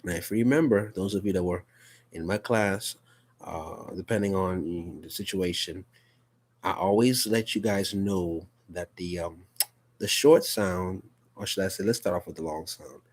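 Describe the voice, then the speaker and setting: A man's voice: low-pitched, a little slow. A man teaching a casual live phonics lesson, patient and repetitive, often checking in with "okay?".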